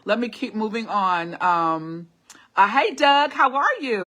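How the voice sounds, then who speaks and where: Upbeat woman doing a live pep talk, bright ringing voice, says it over n over, laughs a lot. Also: mid-range voice, big pitch swings, takes it slowly, highs cut off. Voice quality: classically trained singer. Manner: encouraging, repeats short commands, laughs often. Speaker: host of a live motivational stream. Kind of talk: casual motivational talk reading live comments.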